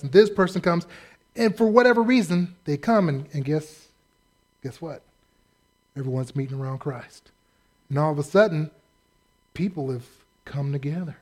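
A man's voice: on the high side, normal speed, pauses often, darkish tone. A man preaching a sermon as pastor, humorous and acting out the voices of the people in his stories. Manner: humorous, acts out quoted voices.

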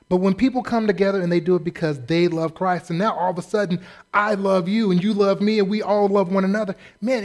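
A man preaching a sermon as pastor, humorous and acting out the voices of the people in his stories. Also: high voice. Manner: humorous, acts out quoted voices.

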